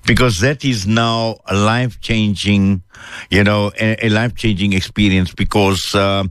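A man interviewing a guest, asking questions in a measured, formal way. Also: on the low side, steady tone, a bit bright, smooth, no echo, studio quality.

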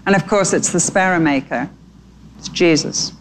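A woman's voice: on the low side, normal speed, a little hiss or hum. A woman preaching by telling a story and appealing directly to her listeners. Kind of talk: storytelling sermon.

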